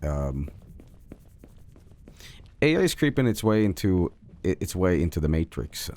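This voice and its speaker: A man's voice: sits low, sing-song, a little slow, darkish tone. A man streaming a game, chatting casually while rambling, swearing and laughing often. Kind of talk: casual livestream chat while gaming.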